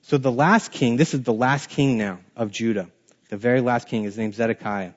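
A man's voice: mid-range voice, moderate pace, highs cut off. A man teaching a Bible class in a casual way, reading scripture aloud and then explaining it in plain words.

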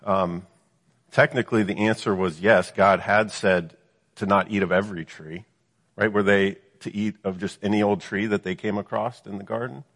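A man's voice: on the low side, steady tone, moderate pace, fairly bright tone, in a large hall. A man preaching a Bible teaching, reading verses aloud and then explaining them with many rhetorical questions. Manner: reads scripture then explains it, with frequent rhetorical "right?" questions.

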